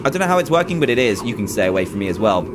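A young man commentating a game, chatty and jokey, often shouting in mock panic. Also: on the low side, rapid-fire, over music. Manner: animated, yelps and squeals in panic, chatty asides. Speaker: gaming YouTuber. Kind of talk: excited gameplay commentary.

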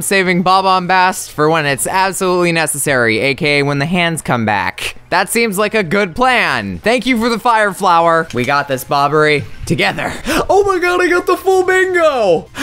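Excitable high-voiced man playing a game. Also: clean tone. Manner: excitable, chatty and self-mocking. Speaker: let's play host. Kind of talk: gameplay commentary.

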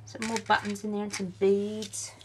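A woman's voice: medium pitch, completely flat delivery, moderate pace, noisy background. A woman, tired and yawning, chatting through a craft unboxing vlog and exclaiming over each little item. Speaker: craft vlogger.

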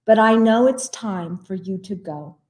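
A woman voicing a caring female polar bear in a children's story, speaking calmly and reassuringly. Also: mid-range voice, a little slow, lightly acted. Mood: tender.

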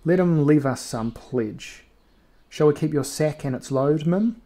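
A man's voice: on the high side, measured pace, warm tone, pitched above the performer's own voice, lightly acted. A man reading as a stern young captain. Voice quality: firm, steadfast.

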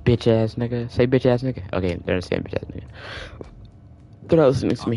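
A man streaming a video game, reacting in excitable, joking, rambling casual commentary. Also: medium pitch, fast talker. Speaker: gaming streamer.

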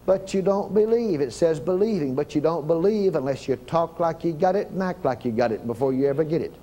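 An older man preaching a sermon fervently, in surges and loud commands, with folksy grammar. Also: on the high side, lively intonation, fairly quick.

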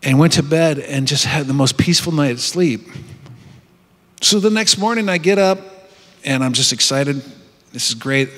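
A man's voice: fairly high pitch, moderate pace, long pauses, a bit bright. A man giving a heartfelt personal testimony at a retreat, telling his story earnestly with frequent restarts. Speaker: retreat speaker. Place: conference hall. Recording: long hall reverb.

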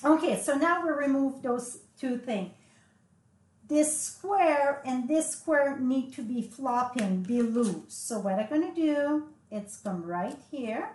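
A woman with a French accent, French her first language, giving a live craft tutorial, talking slowly and chatting as she works. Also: high-pitched, lively intonation, darkish tone. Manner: slow, chatty, thinking aloud as she works. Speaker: papercraft instructor. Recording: echoey room with faint noise.

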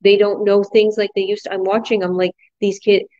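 Animated mother coaching on a video call. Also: mid-range voice, a little fast, no echo, dull audio. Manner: animated storyteller, acts out her kids' voices. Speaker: business coach hosting a group chat. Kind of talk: casual group chat.

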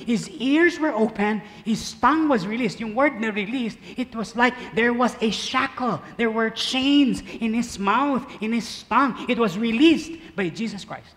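High-voiced preacher in a reverberant hall. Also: male voice. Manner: animated, swinging from loud emphasis to hushed asides; slow, drawn-out scripture reading with the congregation. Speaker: pastor. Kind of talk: sermon.

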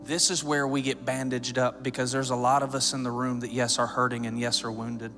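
A man's voice: medium pitch, little pitch movement, a little fast, bright, forceful tone. Pastor, man, 30s; conversational sermon with jokes, emphatic build-ups; hall reverb, faint music under. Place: church sanctuary.

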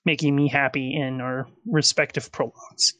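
A man narrating as game master in a tabletop game, rambling and animated, with many fillers. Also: mid-range voice, moderate pace.

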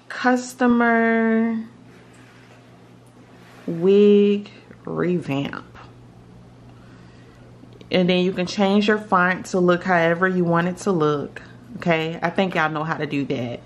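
A tutorial vlogger with a medium-pitched, slightly bright voice casually walks through steps in an app. She's chatty, often checking in with viewers by asking "okay?".

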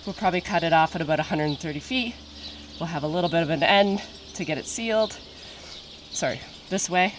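Low-voiced woman vlogging on a farm. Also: animated, a little fast. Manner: chatty, talks while doing farm chores. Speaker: farmer and vlogger. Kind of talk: casual vlog chat to camera. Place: outdoors on a farm. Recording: clear outdoor farm noise.

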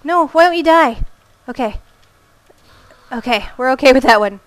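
A woman's voice: sits high, lively intonation, moderate pace. A woman giving let's play commentary as she plays, reacting aloud, exclaiming and muttering to herself. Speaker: gamer.

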